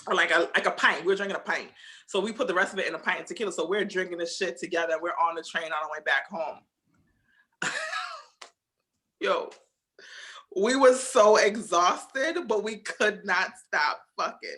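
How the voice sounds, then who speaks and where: A woman's voice: lowish voice, fairly quick. A woman telling a story with gusto in casual podcast chat. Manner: animated, laughing storyteller. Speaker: podcast guest.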